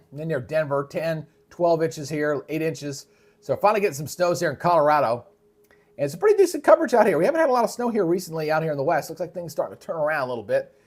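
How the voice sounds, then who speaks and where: Hosting a live weather briefing, a male meteorologist speaks in an easygoing, conversational way. His voice is mid-range, and something caught in his throat makes him clear it repeatedly.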